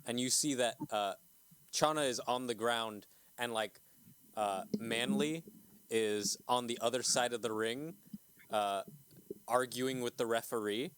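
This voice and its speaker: Man, game master, mid-pitched, loose and swearing, laughs a lot. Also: a little slow, a bit bright, clean tone. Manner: laughing, loose and profane, lots of fillers. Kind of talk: narrating a tabletop game.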